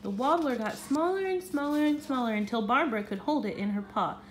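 A woman reading a children's storybook aloud in an expressive, animated way. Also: high-pitched, fairly quick, slight background noise.

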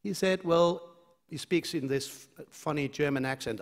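A man's voice: fairly high pitch, moderate pace. Hesitant man lecturing in a hall. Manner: conversational, with frequent hesitations and restarts. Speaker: lecturer at a medical conference. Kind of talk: conference lecture. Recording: long reverb of a lecture hall.

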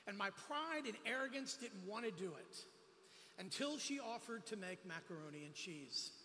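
Man preaching, high bright voice, storytelling with jokes, reverb from a church hall. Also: lively intonation, moderate pace. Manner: storytelling, humorous asides. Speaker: guest preacher. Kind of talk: sermon with personal stories. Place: church sanctuary.

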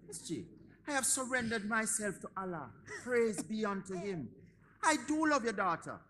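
A man's voice: sits high, big pitch swings, moderate pace, pushed and bright, a little hiss or hum, heavily acted. An actor playing an earnest young man and reformed convert, who speaks in a solemn, formal way. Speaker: actor in a comedy stage play.

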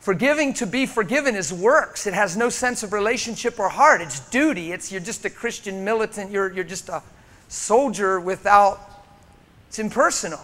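High-voiced passionate male preacher. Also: lively intonation, moderate pace. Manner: passionate, swinging from loud exhortation to hushed intensity. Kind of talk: sermon. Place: church meeting room before a congregation.

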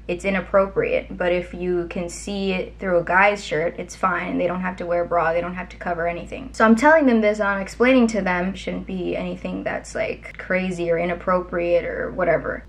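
A young woman vlogger telling a long story in a chatty, rambling way, full of fillers. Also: mid-range voice. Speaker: lifestyle vlogger. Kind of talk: casual storytelling to camera.

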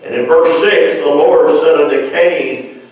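Preacher, male, fairly high voice, slow deliberate storyteller, distant echoey church mic. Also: a little mellow. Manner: slow storytelling with acted-out quotes. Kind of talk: church Bible study teaching. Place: church sanctuary.

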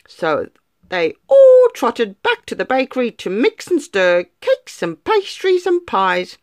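A woman reading a children's story aloud in an expressive, lively way. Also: fairly high pitch, takes it slowly, no room sound, clean studio sound.

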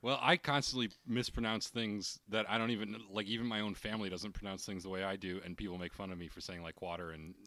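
A man's voice: on the low side, fairly even intonation, fast, few pauses, sharp tone, no echo. Rambling, laughing man from New England. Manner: rambling, chuckles often. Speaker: podcast co-host. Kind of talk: casual chat.

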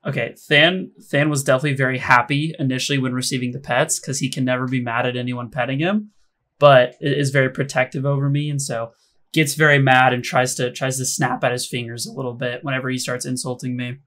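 A man's voice: mid-range voice, little pitch movement, a bit bright. Casual young-sounding man playing a tabletop game. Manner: casual, quick, says like and dude. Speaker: player.

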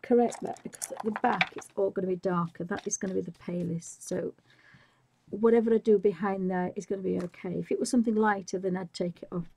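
A woman hosting a live drawing tutorial, talking softly and often half-whispering as she works, her voice a little squeaky and rough. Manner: soft-spoken, often half-whispered while working. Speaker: art tutorial host.

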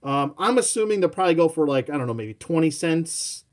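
A man's voice: on the high side, lively intonation, fairly quick. A man hosting a live toy showcase, chatting casually in a rambling, self-mocking way and talking to his dog. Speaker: toy collector host.

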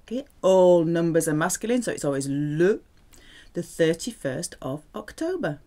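A woman's voice: fairly low pitch, very animated, moderate pace, dark tone. A woman teaching French vocabulary, speaking patiently and repeating words with careful pronunciation. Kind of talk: vocabulary lesson.

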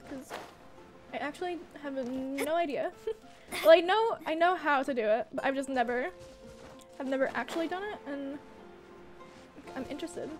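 A young woman streamer chatting casually to herself while playing a game, swearing when she loses. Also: high voice. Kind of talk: casual gaming livestream chat. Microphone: desk mic, wearing headphones.

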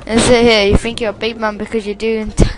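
High-pitched woman rambling over gameplay. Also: little pitch movement, fast, heavy background noise. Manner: rambling, mocking, frequent laughter and sudden outbursts. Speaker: let's play gamer. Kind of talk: gameplay commentary.

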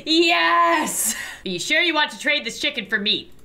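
A woman giving excitable, dramatic let's-play commentary, laughing and gasping often. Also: high voice, normal speed. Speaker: gaming YouTuber.

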